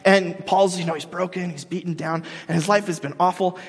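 A man's voice: sits high, fairly even intonation, fairly quick, few pauses, husky. A man preaching a sermon in a casual, joking, storytelling way, as the pastor of the congregation. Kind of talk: conversational sermon. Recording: long hall reverb.

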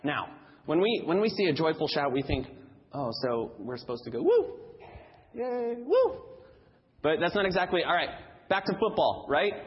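Emphatic preacher in an echoing church. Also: male voice, a little high, animated, brisk, dull audio. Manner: emphatic, repeats phrases for stress. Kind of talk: sermon.

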